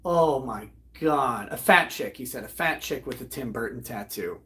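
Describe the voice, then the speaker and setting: A man, host of a live online show, retelling a comedy act in a loud, profane, animated way and breaking into laughter. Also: mid-range voice, normal speed. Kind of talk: casual storytelling on a livestream.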